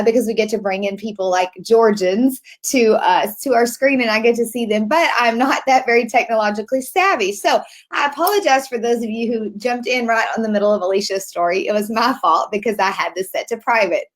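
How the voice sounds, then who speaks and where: A woman hosting a mothers' webinar over a video call, speaking in an effusive, gushing way. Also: fairly high pitch. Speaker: host of a webinar for moms. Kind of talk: casual livestream hosting.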